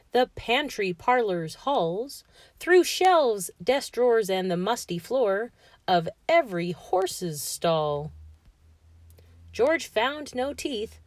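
Woman reader for children's read-alouds; slow, very expressive, dry close-mic sound. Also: fairly high pitch, no echo. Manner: expressive, sing-song rhyming delivery. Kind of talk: read-aloud storytelling for kids.

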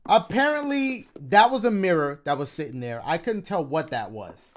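A man giving jokey, excitable commentary while playing a horror game, talking in slang and shrieking at scares. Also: fairly high pitch, moderate pace. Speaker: gaming YouTuber. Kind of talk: horror let's play commentary. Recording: loud game music behind.

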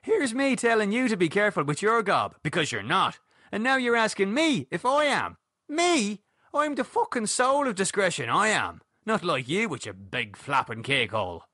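A man voicing an excitable, foul-mouthed young man with a husky voice who swears constantly and bristles with indignation. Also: medium pitch, moderate pace, hardly any pauses, no echo, clean studio sound, heavily acted. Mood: indignant.

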